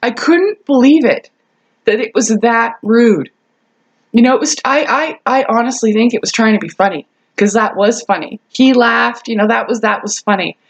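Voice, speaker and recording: A woman vlogger tells a casual story straight to her viewers. Her voice sits a little high, and she chats along, laughing often and restarting her sentences. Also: moderate pace.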